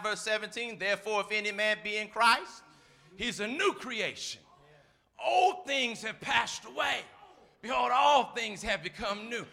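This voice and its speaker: A preacher with a high, gravelly voice that rings very bright and forceful. He works the congregation with call-and-response, booming one moment and dropping to a soft aside the next. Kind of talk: sermon.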